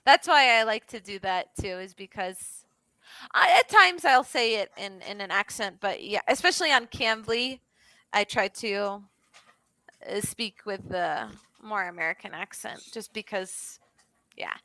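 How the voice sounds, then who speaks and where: A woman's voice: medium pitch, measured pace, bright, forceful tone, no echo. A young woman from Florida tutoring English over a video call, chatty with many fillers and restarts. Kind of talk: casual online lesson chat.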